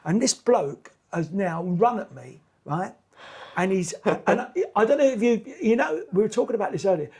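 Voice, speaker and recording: Older man, comedian spinning a yarn, animated, restarts and repeats words, raspy edge. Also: high-pitched, normal speed. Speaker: comedian guest. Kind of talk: anecdotal storytelling.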